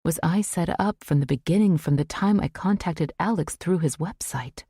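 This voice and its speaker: A woman narrating a suspense audiobook in the first person, in a measured, tense way. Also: lowish voice, warm tone, slightly rough, dry recording, clean studio sound.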